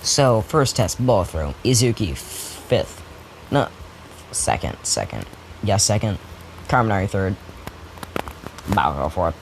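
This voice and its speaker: A young man spins a made-up fan story off the cuff, swearing freely and restarting his sentences. His voice sits a bit low. A steady background noise runs under the whole recording. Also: slow, pauses often, poor audio. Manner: rambling, profane, lots of restarts. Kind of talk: improvised fan-fiction storytelling.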